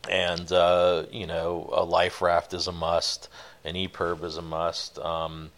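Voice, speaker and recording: A man telling a long fishing-boat story in a relaxed, rambling interview, with many fillers. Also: deep voice, slow pace. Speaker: guest, offshore fishing boat captain.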